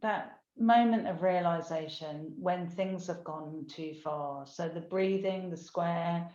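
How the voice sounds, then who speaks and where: An older woman talks in an emotional, unhurried, heartfelt way. Her voice sits a little low. The recording is lo-fi and echoey. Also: darkish tone. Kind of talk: casual conversation. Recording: echoey room, dull lo-fi sound.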